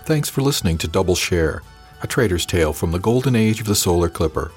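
A man reading a science fiction audiobook in first person, with an even, steady storytelling delivery. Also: deep voice, fast talker, music in the background. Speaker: audiobook podcast narrator.

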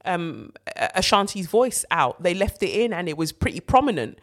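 A British commentator mimicking a brash female talk-show host as she presses a guest with high, pushy, incredulous questions. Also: very animated, normal speed, lightly acted. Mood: skeptical.

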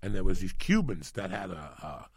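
Gravelly and husky, this man's voice is low and moves at a normal speed, with no echo on the recording. He's middle-aged, from New York City, and an animated storyteller whose casual, rambling tales are full of profanity.

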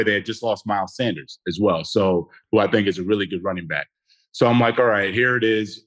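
A man, a former football player, telling a game story as a podcast guest in a blunt, emphatic and animated way. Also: on the low side. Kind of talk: casual sports talk.

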